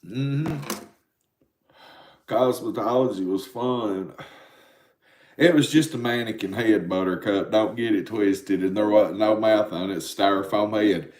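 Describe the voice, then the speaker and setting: A man's voice: fairly low pitch, unhurried, long pauses, a little mellow. Rambling Appalachian man in a roomy echo. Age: 40s. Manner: rambling and profane, talking to chat viewers. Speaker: livestream host. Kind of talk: casual live-stream chat.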